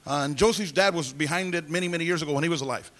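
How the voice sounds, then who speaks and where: A man with a high-pitched voice tells his testimony from the pulpit. He is animated, acting out the people he quotes and shifting between loud, pushing bursts and quieter, confiding asides. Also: very fast. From California. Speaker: preacher giving testimony. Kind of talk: sermon testimony.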